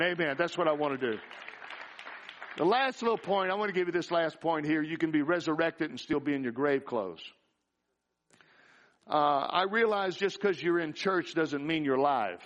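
Middle-aged male pastor, fairly high voice, excitable preaching with stammered restarts; dull lo-fi recording. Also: moderate pace. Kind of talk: sermon. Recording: dull lo-fi sound.

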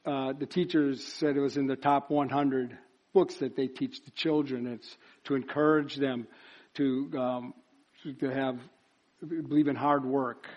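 A man's voice: mid-range voice, level tone, unhurried, a little mellow, muffled recording. A man preaching a sermon at a church service, building up to emphatic repeated phrases. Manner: builds to emphatic chanted repetition.

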